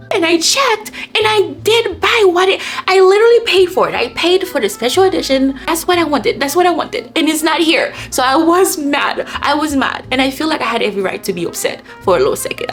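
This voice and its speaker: A young woman vlogger chatting casually and gushing about books, swinging from low murmurs to excited bursts. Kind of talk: casual chat.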